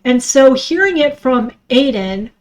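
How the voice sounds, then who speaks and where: A middle-aged woman with a stuffy nose talks through a raw, emotional personal monologue as a podcast host. She swears freely and acts out what she thought in the moment. Her voice sits a little high. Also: expressive, unhurried, rough recording.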